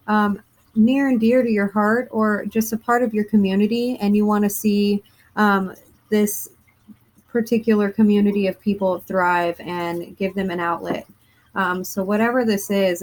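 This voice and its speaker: A woman giving a spiritual tarot-style card reading, speaking gently and earnestly with frequent fillers and self-corrections. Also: mid-range voice, low-quality recording. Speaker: tarot reader.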